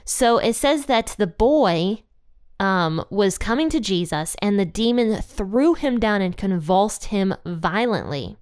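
A woman's voice: medium pitch, animated, takes it slowly, a little mellow, clean tone, no room sound, studio quality. A young adult woman hosting a casual Bible teaching podcast, chatty and thinking aloud with fillers and guesses.

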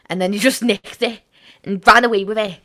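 A woman's voice: medium pitch, fairly even intonation, fairly quick, sharp tone. A woman with a broad Scouse accent chats as an interview guest. Her talk is loose and rambling, scattered with fillers and easy laughter. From Liverpool, England. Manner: chatty, filler-heavy, laughs easily. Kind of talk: casual interview chat.

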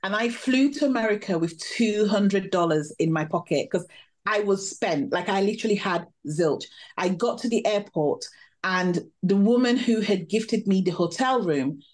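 A woman, a podcast guest, telling a personal story in a lively, animated way. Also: medium pitch, normal speed. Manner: animated, vivid storytelling with laughs. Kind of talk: storytelling interview.

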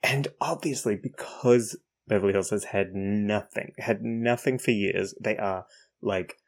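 A man from New Zealand with a New Zealand accent, co-hosting a podcast in blunt, profane casual chat with halting restarts. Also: on the low side, gravelly. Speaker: podcast co-host.

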